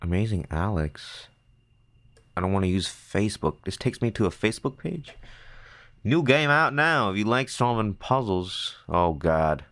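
A man giving excitable let's-play commentary, talking to himself and shouting at the game. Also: lowish voice, measured pace, no room sound. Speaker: gamer.

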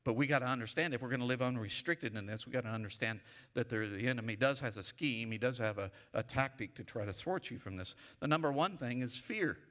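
Guy pastor preaching hard, bright forceful voice, big echoey church hall. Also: medium pitch, fast. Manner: emphatic preaching with call-and-response. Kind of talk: sermon. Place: church sanctuary. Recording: long reverb of a church hall.

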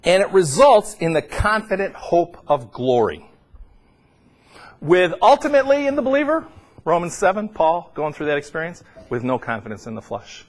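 A middle-aged man preaching a sermon, swinging between loud, high emphatic peaks and low, quiet asides. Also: wildly swooping pitch, moderate pace.

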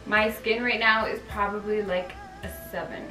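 A woman's voice: mid-range voice, fairly even intonation, moderate pace. A young woman hosting a vlog, chatting casually with lots of "like" fillers while giving a facial at home. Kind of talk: casual chat. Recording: echoey room, far from mic, faint music.

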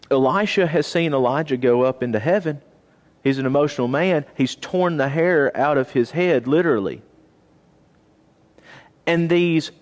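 A man teaching a Bible class in a church auditorium, lively and questioning his listeners. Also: fairly high pitch. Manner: animated, asks the class questions. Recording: long reverb of a church auditorium.

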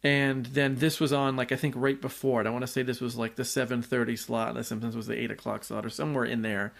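A man's voice: mid-range voice, level tone, quick pace, creaky, fairly bright tone. A man in his forties co-hosting a podcast, chatting casually and rambling through his memories. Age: 40s. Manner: rambling, full of likes and restarts, laughs easily. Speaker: podcast co-host. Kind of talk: casual chat.

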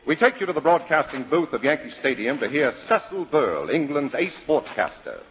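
A man as announcer and straight man on a 1940s radio comedy, delivering dry deadpan comebacks. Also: a little high, moderate pace, loud music behind the voice. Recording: dull old radio broadcast in a reverberant studio.

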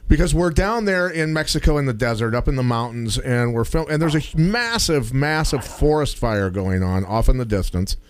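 A man with a New Jersey accent hosting a talk radio show, enthusiastic and quick to react. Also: medium pitch, animated, smooth. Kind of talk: casual talk radio chat.

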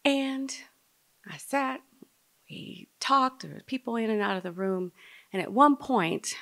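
A woman telling a personal story to a live audience, dramatic and speaking straight to the listeners, sometimes dropping to a hush. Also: a little high, animated, unhurried. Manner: dramatic, drops to a hush at tender moments.

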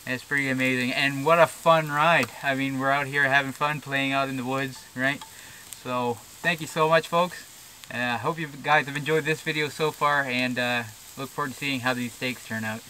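Talking to camera in the woods, a rural New Brunswick man who hosts a bushcraft channel rambles casually with fillers and chuckles. His medium-pitched voice is pushed and bright with fairly even intonation at normal speed, and the camera-mounted shotgun mic carries a little hiss or hum.

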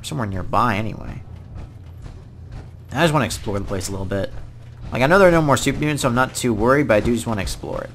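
A man giving casual let's-play commentary, excitable, swinging from mumbling to loud outbursts. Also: mid-range voice, fast, pauses often, slight background noise. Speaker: gaming YouTuber.

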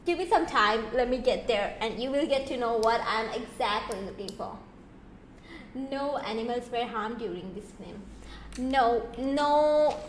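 A young woman streaming a game, chatting casually with playful, teasing, excitable exclamations. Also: a little high, unhurried, echoey room, a little hiss or hum, low-quality recording. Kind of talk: casual gameplay commentary.

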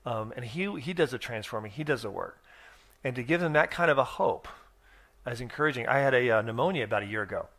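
A man's voice: mid-range voice, lively intonation, fast, a bit bright. A middle-aged man preaching in a church, telling stories in a folksy, rambling way with many restarts and fillers. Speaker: guest speaker. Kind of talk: sermon storytelling.

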